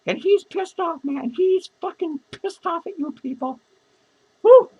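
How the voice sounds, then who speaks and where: A woman's voice: extremely high pitch, measured pace, dark tone, muffled recording, slight background noise. A woman playing a drunk, lonely, foul-mouthed female clown who rambles and swears in a rambling character vlog. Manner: rambling, profane, giggly.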